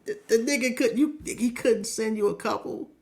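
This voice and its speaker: A man's voice: extremely high pitch, moderate pace, a little mellow. A man hosting a podcast, chatting casually and breaking in with short reactions. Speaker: podcast host. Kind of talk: casual chat.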